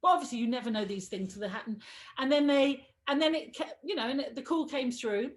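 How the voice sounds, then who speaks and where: A woman on a sofa at home, telling a lively anecdote as an interview guest, laughing, trailing off and acting out the voices. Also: sits high, fast. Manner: excitable, laughing, trailing off and restarting. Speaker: guest telling career stories.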